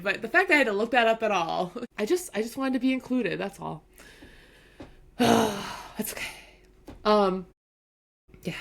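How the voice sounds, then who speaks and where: A woman's voice: medium pitch, expressive, measured pace, creaky, pauses often, a bit bright. A woman co-hosting a chatty podcast, rambling through stories with lots of fillers and frequent giggles. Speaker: podcast co-host. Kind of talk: casual chat.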